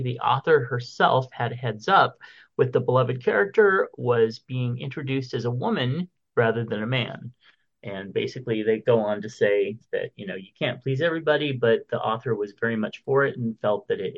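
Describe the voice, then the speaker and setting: Casual male co-host, rambling and jokey, stumbles over names, slightly muffled lo-fi sound. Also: medium pitch. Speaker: podcast co-host reading entertainment news. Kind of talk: casual chat.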